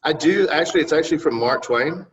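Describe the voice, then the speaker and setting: A man's voice: a little high, quick pace. A middle-aged man, a city council candidate answering interview questions in a rambling, folksy and polite way. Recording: distant, muffled recording.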